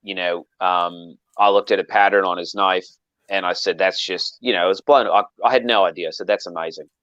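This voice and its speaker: The knifemaker guest's low voice comes through fairly quick on a muffled recording with no room sound, as he chats casually through a long, rambling story full of restarts and lively quoted lines.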